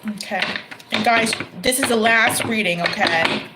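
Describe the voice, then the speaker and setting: A woman's voice: a little high, a little slow. Chatty lady doing tarot on a live stream, laughs a lot, slight hiss behind her. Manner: chatty, laughs often, addresses viewers by name.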